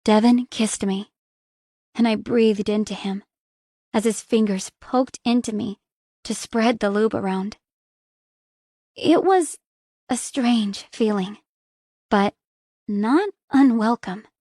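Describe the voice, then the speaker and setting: A young adult woman narrating a first-person romance audiobook in a soft, intimate reading. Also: medium pitch, slow pace, pauses often, no echo, clean studio sound.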